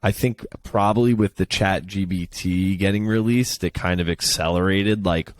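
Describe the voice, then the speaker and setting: Laid-back young man, very low voice. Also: normal speed. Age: young adult. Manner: relaxed, lots of filler "like". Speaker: podcast co-host. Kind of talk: casual chat.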